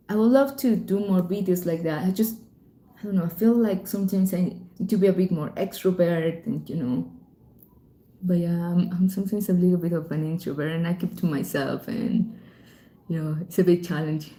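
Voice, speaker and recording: A woman's voice: lowish voice, mellow, reverberant. A woman hosting a live stream, chatting casually and reading out viewer comments, often giggling and apologizing for rambling. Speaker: channel host answering live chat.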